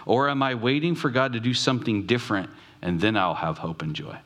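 A man preaching a sermon, reflective, asking questions aloud and slowing down to stress key words. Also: mid-range voice, fairly bright tone. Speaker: pastor.

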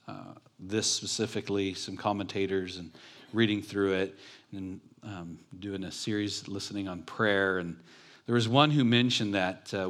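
A man's voice: fairly low pitch, fairly bright tone. Man, pastor, sermon, conversational, jokes with the congregation, church. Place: church building.

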